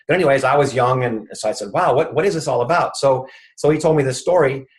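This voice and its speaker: A man's voice: mid-range voice, fast talker, rough recording. A man, a chiropractor guest in an interview, telling an anecdote and acting out what each person said. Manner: retells conversations, acting out the quoted speech.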